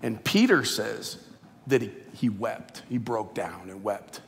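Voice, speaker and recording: A middle-aged male pastor preaching a sermon in a large church auditorium, impassioned and conversational, at times dropping very quiet. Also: on the low side, animated, takes it slowly, gravelly, slight background noise. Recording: echoey reverb of a large hall.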